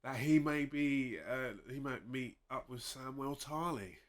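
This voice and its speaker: A man's voice: mid-range voice, measured pace. A man co-hosting a laid-back, chatty discussion, with some hesitations and playful impressions. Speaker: podcast co-host. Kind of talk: casual chat.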